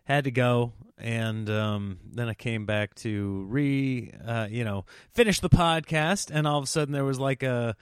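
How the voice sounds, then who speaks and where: A man's voice: mid-range voice, a little slow, few pauses, clear, resonant tone, no room sound, clean studio sound. A man hosting a casual solo podcast, telling comic stories and breaking into exaggerated voices for quoted people. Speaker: comedian podcast host.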